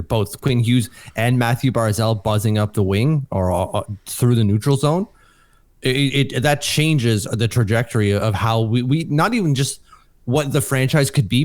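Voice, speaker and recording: A man co-hosting a hockey podcast, excitable and casual, often restarting his sentences and swearing now and then. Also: mid-range voice, no echo. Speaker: podcast co-host.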